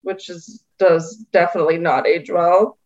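A woman's voice: on the low side, steady tone, normal speed, a little mellow. A woman in casual podcast chat about films and plays, wry and dryly joking. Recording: dull lo-fi sound.

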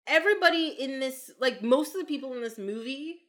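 A woman co-hosting a casual movie podcast, talking in an animated way, laughing often and acting out quotes. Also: high voice, fairly quick. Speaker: podcast co-host. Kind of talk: casual chat about movies.

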